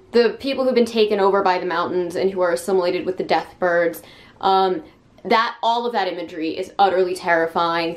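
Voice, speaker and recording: A young woman giving a frank, casual book review, talking with many fillers and sounding exasperated. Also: mid-range voice.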